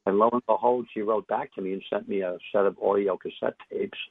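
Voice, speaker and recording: Deep, gravelly older man over a tinny phone line. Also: steady tone, no room sound. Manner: reflective, halting with many fillers and restarts. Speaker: interview guest, author. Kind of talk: casual storytelling interview.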